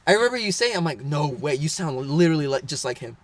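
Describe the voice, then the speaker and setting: A man's voice: a little high, sing-song, fast talker, very noisy. A young man co-hosting a podcast in casual chat, rambling with fillers and laughing often. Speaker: podcast co-host.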